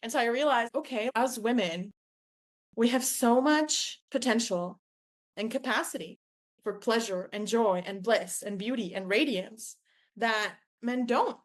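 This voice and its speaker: A woman's voice: on the high side, a little slow. A young woman hosting her podcast, telling a personal story in an effusive way, with lots of "like" and acted-out quotes. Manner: effusive, heavy use of "like", acts out quoted voices. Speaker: podcast host.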